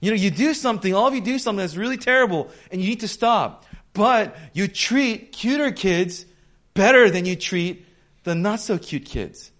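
A man preaching a sermon in a conversational, animated way, acting out quoted voices as he goes. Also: high voice, normal speed. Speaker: pastor.

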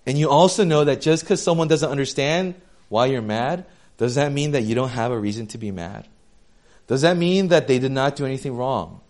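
A young man preaching a sermon in a conversational, animated way, full of casual slang and asides. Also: medium pitch, a little fast. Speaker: pastor.

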